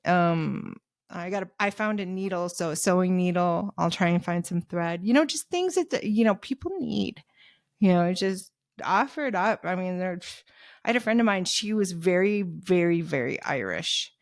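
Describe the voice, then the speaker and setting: Recorded cleanly in the studio with no echo, this woman speaks on the low side at normal speed, sounding animated. As a podcast interview guest she chats through her stories, retelling dialogue, saying "you know" a lot and laughing frequently.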